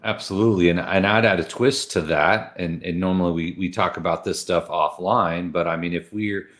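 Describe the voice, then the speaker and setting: A man with a somewhat low voice chats on a casual group call. He agrees readily and slips in jokes as he pitches ideas. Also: fairly even intonation, normal speed, a bit bright. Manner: agreeable, jokey. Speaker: cooking channel co-host.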